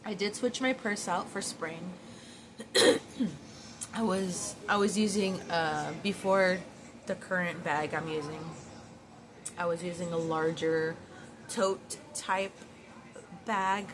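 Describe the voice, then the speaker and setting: Vlogging at home near her closet, a woman gushes with admiration in a rambling casual chat, repeating words and using lots of fillers. Her lowish voice is slow with fairly even intonation and long pauses, over a noisy background.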